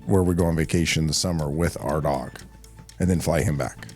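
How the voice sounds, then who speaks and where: A middle-aged man, a head football coach, chatting casually on a podcast and telling stories in a lively, expressive way. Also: a bass voice, brisk, soft background music.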